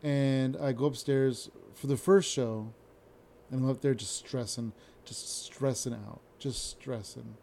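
A man's voice: medium pitch, unhurried, vocal fry, a little mellow, a little hiss or hum. A young adult man hosting a podcast, telling a rambling, self-interrupting story with casual swearing. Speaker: podcast host.

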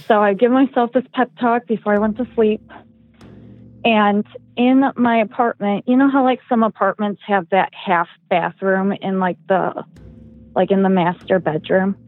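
Telling a personal story on a casual podcast where she's a guest, a young woman rambles with lots of "like" and "um." She speaks at normal speed in a medium-pitched, steady voice. Her audio comes across tinny and dry, as if over a phone.

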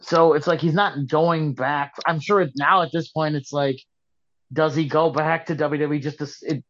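A man with a slightly high voice co-hosts a casual wrestling podcast, rambling and often restarting his thoughts. He sounds skeptical as he talks things through. The audio is dull and lo-fi. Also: steady tone, moderate pace, fairly bright tone. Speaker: podcast co-host.

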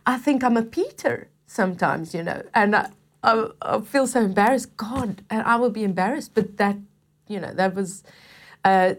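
A woman telling a personal faith testimony in a casual conversation, animated and self-deprecating, laughing often. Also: mid-range voice. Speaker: Christian talk-show participant.

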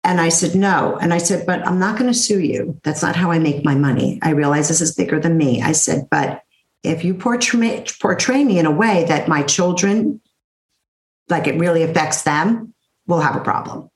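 A middle-aged woman with a slightly low voice tells her story to an interviewer in an animated, blunt way. Her room adds a noticeable echo. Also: moderate pace. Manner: animated, blunt storyteller who acts out quotes. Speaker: interview guest, therapist.

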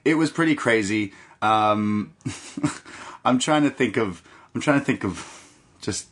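A man's voice: fairly low pitch, a little slow. A man co-hosting a wrestling podcast in casual chat, telling stories with lots of laughs. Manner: animated storyteller, laughs often. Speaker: podcast co-host.

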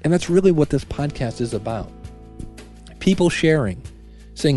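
Mellow-voiced man chatting on a podcast. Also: on the high side, expressive, normal speed, faint music behind. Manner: chatty, self-talk asides, frequent restarts. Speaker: podcast host. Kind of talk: casual solo podcast monologue. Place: home basement. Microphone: studio microphone.

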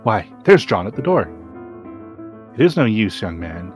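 A man with a fairly low voice reads a classic story aloud. His delivery is slow and deliberate, broken by sudden emphatic rises. Faint guitar and piano music plays softly underneath. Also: very animated. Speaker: podcast host reading aloud. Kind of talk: dramatic reading of a classic story.

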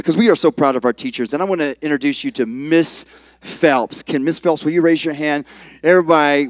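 A male pastor giving a sermon in a folksy, halting way, with many fillers and restarts. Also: high-pitched, no echo. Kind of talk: sermon with a told joke. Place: church sanctuary.

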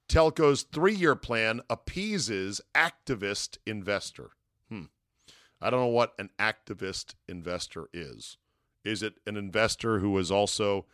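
A man's voice: on the low side, fairly bright tone, dry recording, clean studio sound. A man hosting a sports talk podcast, delivering a casual, digressive monologue with wry asides. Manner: wry, digressive, chuckles at his own asides.

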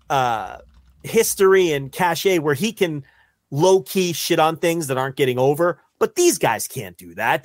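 Animated high-voiced podcast co-host man. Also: no room sound. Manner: animated, profane, rambling with restarts. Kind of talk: casual podcast chat.

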